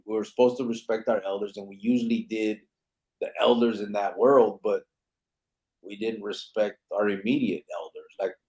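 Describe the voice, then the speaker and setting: A man's voice: fairly low pitch, darkish tone. A man hosting a podcast in casual chat, talking in a laid-back way and often adding "you know what I mean". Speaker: podcast host.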